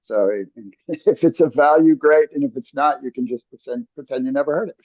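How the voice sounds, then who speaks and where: A man talks in an earnest coaching manner, restarting sentences and checking in with "right?". The sound is dry and close, a little dull in the highs. His pitch sits mid-range for a man. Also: a little fast, no room sound. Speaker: podcast host. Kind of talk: casual podcast conversation.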